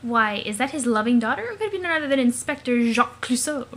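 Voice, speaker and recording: A woman's voice: on the high side, sing-song, fast talker. A woman voicing a fussy middle-aged father with pompous, theatrical politeness.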